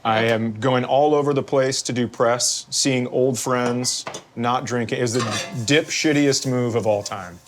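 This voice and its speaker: A male comedian chatting as a guest, blunt and wry, and happy to swear. His voice is mid-pitched, and a faint noise sits behind it. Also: steady tone, a little slow. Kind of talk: casual chat.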